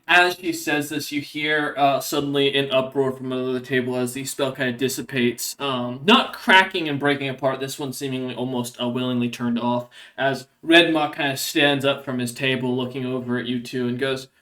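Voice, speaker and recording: A man narrating as game master for a tabletop game, in loose, halting speech full of fillers. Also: medium pitch, steady tone, pushed and bright.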